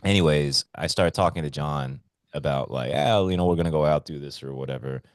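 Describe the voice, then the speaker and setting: A man's voice: brisk, no room sound, clean studio sound. A man co-hosting a casual podcast, telling stories with lots of swearing and acting out quotes. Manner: animated, swears a lot, acts out quotes in a high voice. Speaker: podcast co-host. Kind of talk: casual chat, storytelling. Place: Hawaii.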